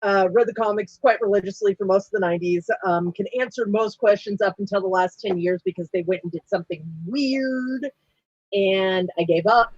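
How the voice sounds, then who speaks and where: A woman's voice: medium pitch, moderate pace, darkish tone, no room sound. Guest: Australian woman, mid-range voice, eager chatter over dull, dry call audio. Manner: enthusiastic, chatty fan talk. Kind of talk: casual live-stream chat.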